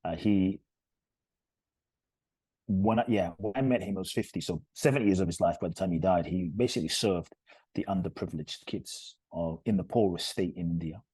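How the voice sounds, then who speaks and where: A man's voice: sits low, a little fast, dark tone, slightly rough, no echo. A man, a podcast guest and retreat leader, telling stories in an earnest, emphatic and heartfelt way. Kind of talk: conversational storytelling interview.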